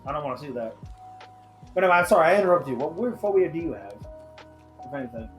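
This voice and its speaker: A man hosting a casual podcast chat, excitable and profane, breaking into sudden loud outbursts. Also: fairly high pitch, fast, faint music behind. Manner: excitable, swearing, shouts in bursts. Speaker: podcast host.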